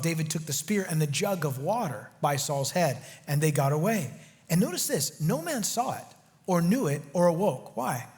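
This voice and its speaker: A man preaching an expository sermon as pastor, animated and rising to urgent emphasis. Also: high voice. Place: church sanctuary. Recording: long reverb of a church hall.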